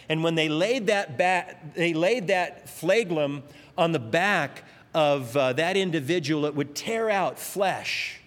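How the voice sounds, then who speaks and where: Male pastor, slightly high voice, emphatic sermon delivery, reverberant church hall. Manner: emphatic preaching with rising, stretched climaxes.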